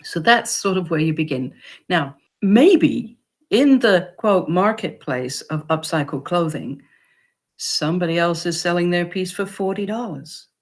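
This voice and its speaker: A woman's voice: on the low side, unhurried. Encouraging woman giving pricing advice. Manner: encouraging, lively, acts out customer quotes. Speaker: upcycled clothing maker and vlogger. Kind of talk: casual advice to camera.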